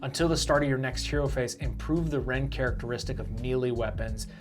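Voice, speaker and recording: A laid-back man talks through his army and its rules in a relaxed, chatty way during a tabletop game. His voice sits at an ordinary middle pitch, with background music clearly running underneath. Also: brisk. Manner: laid-back, explains rules while reading them out. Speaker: tabletop wargame player, co-host. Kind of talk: casual chat during a battle report.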